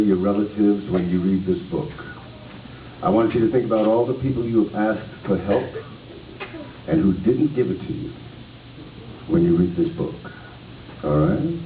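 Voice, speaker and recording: Man reading aloud to children in an echoey hall. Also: fairly low pitch. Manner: lively, playful, asks the children questions. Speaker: actor reading to schoolchildren. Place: school hall. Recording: tinny distant echoey hall recording with noise.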